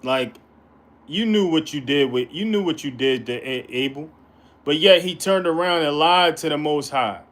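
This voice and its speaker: A man's voice: fairly high pitch, moderate pace, fairly bright tone. A man teaching the Bible in an informal way, reading verses aloud and breaking in with colloquial, emphatic commentary.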